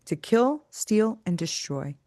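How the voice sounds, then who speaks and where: A woman, a faith coach and podcast guest, telling stories in an emphatic, preachy way. She keeps adding "right?" and acts out quoted voices with big jumps in pitch. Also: big pitch swings, takes it slowly, warm tone, no echo, studio quality. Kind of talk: storytelling faith talk.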